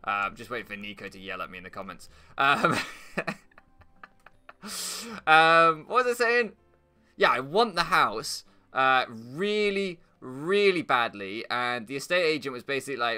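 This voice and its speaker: A man's voice: medium pitch, big pitch swings, moderate pace, sharp tone, clear, resonant tone. A young British man playing a game and rambling through casual commentary, sarcastic, swearing and bursting into mock outrage. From Britain. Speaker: gaming YouTuber. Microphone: floor mic at first, then desk mic.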